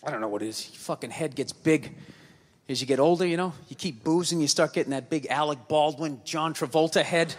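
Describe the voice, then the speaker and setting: A man's voice: a little high, a little fast, slight background noise. Ranting man on a comedy stage. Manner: ranting, profane, loud outbursts. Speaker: stand-up comedian. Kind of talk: stand-up comedy routine. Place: stage in a large venue. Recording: live show in a big hall.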